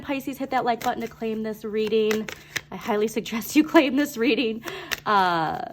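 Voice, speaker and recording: A woman doing a casual tarot reading to camera, bubbly and chatty, with many fillers and quick laughs. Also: medium pitch, slight background noise. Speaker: tarot reader.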